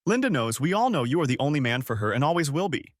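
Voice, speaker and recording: A soft-spoken yet firm woman friend, put on by a male narrator in a story audiobook. The voice sits well above his own pitch and soothes while it persuades. The sound is close and dry. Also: sing-song, fast, no room sound. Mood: soothing. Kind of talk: audiobook character voice.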